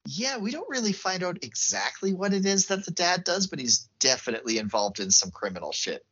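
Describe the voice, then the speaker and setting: A man co-hosts a podcast and recaps a film in loose, casual chat, full of fillers and little acted-out quotes. His voice sits fairly high and swings around a lot, with a bright, forceful edge. The audio is a little dull and lo-fi. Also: a little fast, slightly rough. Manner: animated plot retelling with fillers and acted-out quotes. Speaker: podcast co-host.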